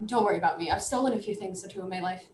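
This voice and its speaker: A woman voicing a gruff, protective father who speaks low, quiet and steady in a tabletop game. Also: very fast, echoey room, distant mic, slight background noise, natural voice. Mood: calm.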